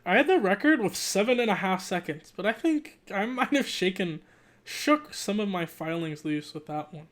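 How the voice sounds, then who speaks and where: A relaxed amateur reader works through a children's novel in one unedited take. The pitch sits in the middle range. The reader restarts stumbled words and drops into offhand comments between passages. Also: moderate pace. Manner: breaks off for joking asides and self-corrections. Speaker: channel host reading aloud. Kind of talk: casual, unedited read-aloud of a children's book.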